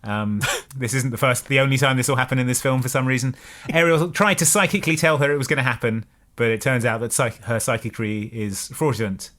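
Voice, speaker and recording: A man co-hosts a podcast, walking through a film's plot with wry, deadpan asides in a relaxed, casual way. His voice sits at an ordinary mid pitch for a man. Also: brisk, few pauses. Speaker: podcast co-host. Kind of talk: casual chat recapping a film.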